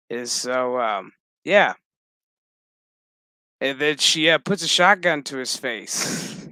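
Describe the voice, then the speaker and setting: Slow, bright-voiced man recapping a show. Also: medium pitch, clear, resonant tone, no echo. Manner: profane, laughing, loose storytelling. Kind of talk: casual episode recap commentary.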